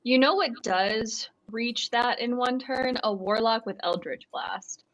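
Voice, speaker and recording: A woman's voice: fairly high pitch, takes it slowly, a bit bright, a little hiss or hum, poor audio. Woman thinking aloud over a game map. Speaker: player. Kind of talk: tabletop game talk.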